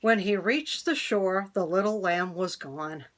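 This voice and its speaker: Slow, expressive woman reading a story. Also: mid-range voice, slight background noise. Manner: expressive, slow read-aloud. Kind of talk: reading a children's picture book aloud.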